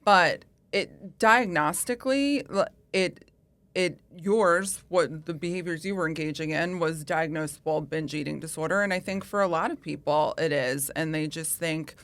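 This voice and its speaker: A woman therapist on a podcast, explaining calmly with frequent ums and affirming mm-hmms. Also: sits low, normal speed, dry recording. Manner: calm, explanatory, with frequent um and mm-hmm. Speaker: therapist co-host.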